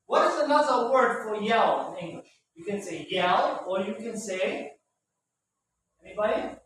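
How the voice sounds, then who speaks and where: A male English teacher with a high voice, speaking slowly and patiently to his class. He keeps checking understanding with a questioning "right?". The sound is very echoey and distant, with faint background noise. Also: a bit bright. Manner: patient, repetitive, ends phrases with "right?". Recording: very echoey room, far from mic, faint noise.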